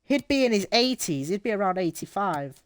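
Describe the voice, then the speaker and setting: A man's voice: sits high, sing-song, a little fast, clear, resonant tone. A man giving casual, rambling and jokey commentary while streaming a football game.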